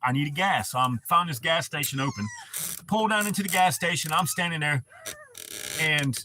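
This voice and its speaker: A man's voice: fairly high pitch, expressive, moderate pace, bright, forceful tone, a little hiss or hum. A man from North Carolina telling a story in a casual, profane, laid-back chat.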